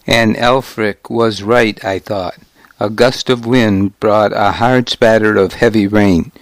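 A man narrating a historical novel in the first person, in a measured, grave storytelling manner. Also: lowish voice, fairly even intonation, dry recording. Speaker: audiobook narrator.

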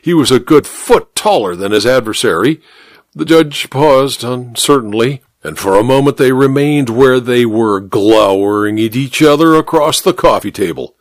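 A man narrating a story aloud, expressive and doing every character's voice. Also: mid-range voice, normal speed, no room sound. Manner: expressive, reads all the voices. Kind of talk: scripted narration.

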